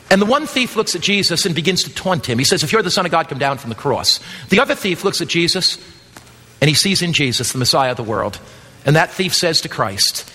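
A man pastor preaching a sermon, building to loud emphatic passages and then dropping back down. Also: a little high. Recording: long hall reverb.

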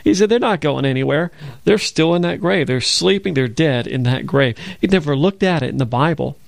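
Bible show co-host, man with a gravelly voice, earnest, dry studio sound. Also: on the high side, animated, a little fast, dry recording. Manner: earnest storytelling, quotes scripture. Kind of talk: conversational religious broadcast.

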